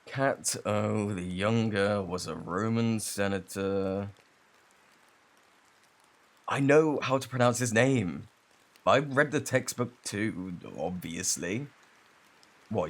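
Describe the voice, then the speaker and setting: Man playing a young British bully, low voice, curt, defensive, ASMR role-play. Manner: rude and curt, turning shaky and vulnerable. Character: surly young male student bully, defensive.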